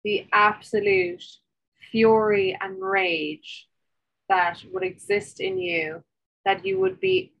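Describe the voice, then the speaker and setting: A woman's voice: on the high side, very animated, takes it slowly, creaky, dull audio. An Irish woman co-hosting a podcast, chatty and casual, filling her talk with "like" and swearing offhandedly. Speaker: podcast co-host.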